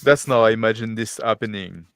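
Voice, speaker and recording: A man's voice: on the low side, fast, a bit bright, clear, resonant tone, dry recording. A man playing a tabletop game, describing his character's actions with hesitant restarts. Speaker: player.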